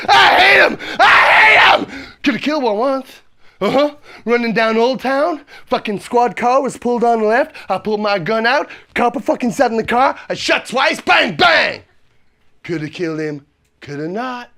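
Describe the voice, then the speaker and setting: A man voicing a brash, volatile, foul-mouthed male dancer who swears constantly and bursts into shouting, performed live in a comedy venue. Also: sits high, creaky, full character voice. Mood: defiant. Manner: swearing, swings into shouted outbursts.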